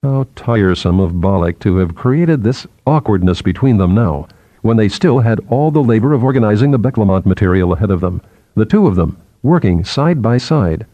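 A man narrating a novel in a measured, expressive way. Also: fairly low pitch, no echo, lo-fi sound. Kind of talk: scripted audiobook narration.

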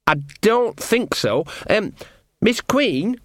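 A man's voice: sits high, very animated, slow, fairly bright tone, no room sound, studio quality, pitched above the performer's own voice, heavily acted. A man voicing a nervous, injured young man who hesitates and stammers.

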